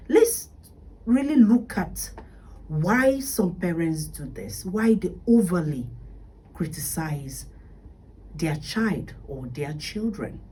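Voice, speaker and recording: A Nigerian-accented woman hosts a radio advice talk, her husky voice swinging widely in pitch. She talks slowly and emphatically, pressing rhetorical questions and sometimes sinking to a whisper. She sits a little back from the microphone. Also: a little mellow, recorded from a distance, poor audio. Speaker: radio talk show host.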